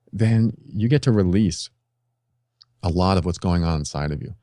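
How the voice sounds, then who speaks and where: A man's voice: deep voice, mellow, no room sound, clean studio sound. A middle-aged man, a podcast guest, telling a candid personal story and giving earnest, confessional advice. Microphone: podcast microphone.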